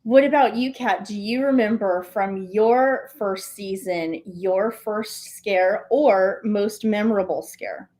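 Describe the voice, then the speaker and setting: A woman's voice: mid-range voice, slow pace, few pauses, a little mellow, poor audio. A woman co-hosting a casual podcast, prompting guests with questions. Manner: prompting, interviewing. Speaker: podcast co-host.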